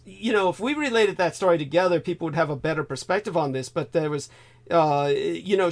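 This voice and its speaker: A man hosting a livestream, telling a rambling, animated story with profanity in casual chat. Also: high-pitched. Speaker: livestream host. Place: home.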